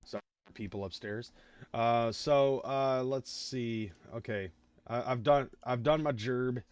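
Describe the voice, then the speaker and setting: A livestream host rambles through casual reaction commentary, swearing a lot and filling gaps with plenty of fillers. His medium-pitched voice is slow, and the audio has its highs cut off.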